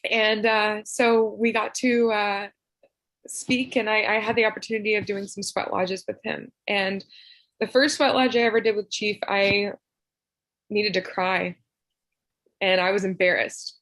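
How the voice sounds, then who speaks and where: A woman from Tennessee giving a heartfelt personal remembrance over a video call, speaking softly and haltingly with frequent laughter. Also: medium pitch, fairly even intonation, no room sound. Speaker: memorial speaker.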